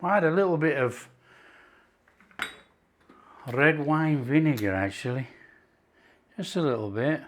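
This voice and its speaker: Slow-talking Yorkshire man cooking. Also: fairly high pitch, a little hiss or hum. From Yorkshire, England. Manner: enthusiastic, unhurried, calls things superb. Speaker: cooking channel host. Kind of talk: casual cooking video.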